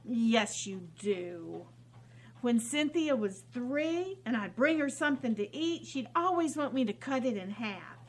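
An actress playing a gentle, cheerful mother who speaks sweetly and patiently. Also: a little high, lively intonation, measured pace. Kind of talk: drama scene.

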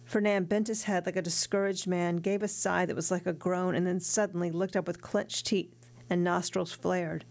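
A woman narrating a classic novel aloud in a steady, earnest reading voice. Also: fairly low pitch, moderate pace, vocal fry. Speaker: audiobook narrator.

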